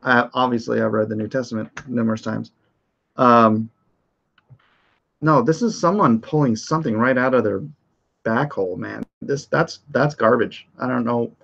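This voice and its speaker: Over dull, lo-fi stream audio, a middle-aged livestream host reads the news aloud and rambles casually, full of fillers and restarts, his voice a little off. He has a gravelly, fairly bright mid-range voice and talks at normal speed.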